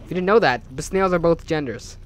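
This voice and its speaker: A man's voice: a little high, quick pace, slight background noise. Rambling young man narrating his game run. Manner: rambling, jokey, self-mocking, easily startled. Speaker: gameplay commentator. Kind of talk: casual let's-play commentary.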